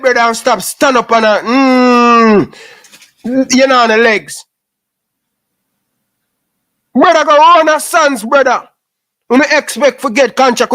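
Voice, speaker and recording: A man's voice: extremely high pitch, pushed and bright. A Jamaican man giving an impassioned, preachy rant in patois, scolding young footballers and repeating his points.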